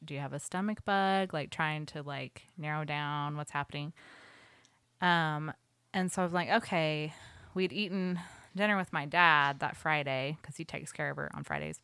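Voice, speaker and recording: A woman's voice: sits low, lively intonation, moderate pace, pushed and bright, clean tone, no room sound. A young woman telling a story in casual podcast chat, full of "like"s. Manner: chatty storytelling with many "like"s.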